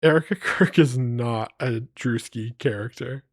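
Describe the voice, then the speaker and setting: A man's voice: mid-range voice, unhurried, no room sound, studio quality. A man streaming live, rambling playfully to his chat as he reads place names aloud.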